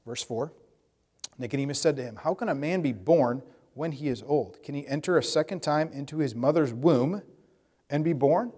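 Man, pastor, conversational sermon, acts out voices, higher voice, long hall reverb. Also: moderate pace, warm tone, slightly rough.

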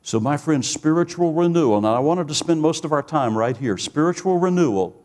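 A man's voice: a little high, expressive, fairly quick, a little mellow, long reverb tail. A man preaching a sermon with earnest emphasis, building through rising lists of phrases and telling stories with quoted dialogue.

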